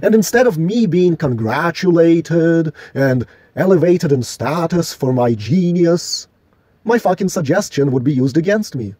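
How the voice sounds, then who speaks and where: A man with a somewhat high but mellow, husky voice rants on his own, cursing often and arguing every point with indignation. The sound is close and dry. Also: animated, measured pace, dry recording. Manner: profane, indignant, argumentative. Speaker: vlogger. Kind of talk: solo rant monologue.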